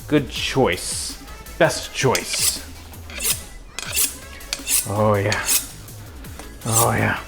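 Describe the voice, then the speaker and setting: A man hosting a casual cooking livestream from his home kitchen, joking with chat and his pets as he cooks. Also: mid-range voice. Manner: goofy, jokey, talks to chat and pets while cooking.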